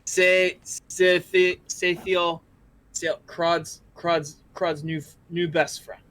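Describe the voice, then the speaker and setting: A man's voice: high-pitched, level tone, extremely slow, fairly bright tone, pitched above the performer's own voice, heavily acted. A man voicing a small male kobold who talks in broken, simple phrases. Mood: affectionate.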